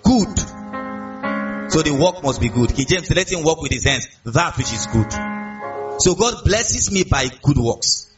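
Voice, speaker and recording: A man with a Nigerian accent preaching a sermon as a pastor, animated, asking the congregation questions and acting out quotes. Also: a little high, measured pace, distant mic, dull audio, music in the background. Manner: animated, call-and-response, acts out quotes.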